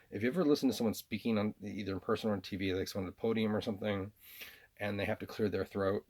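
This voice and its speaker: A man's voice: on the low side, darkish tone. A man from the American South talking in a rambling personal monologue, hesitant, repeating himself with lots of fillers and restarts. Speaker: vlogger.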